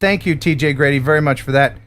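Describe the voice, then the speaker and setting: A man's voice: on the high side, fast talker, slight background noise. A man in his fifties hosting a live drone stream, joking and reading out viewer donations. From United States. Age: 50s. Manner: jokey, animated, reads out viewer donations.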